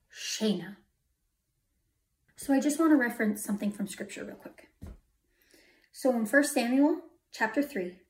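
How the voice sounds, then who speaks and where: A woman preaching a testimony sermon, telling her story dramatically and dropping to a whisper for emphasis. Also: a little high. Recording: echoey hall from far off.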